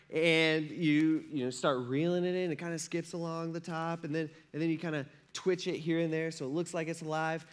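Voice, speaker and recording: A male pastor preaching a sermon in a conversational, animated way, acting out little scenes with playful voices. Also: on the high side. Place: church service.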